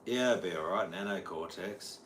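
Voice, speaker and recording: A man's voice: low-pitched, moderate pace, a bit bright. An Australian man, a guitar teacher, rambling casually on a livestream and answering viewers' chat. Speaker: guitar teacher streaming live.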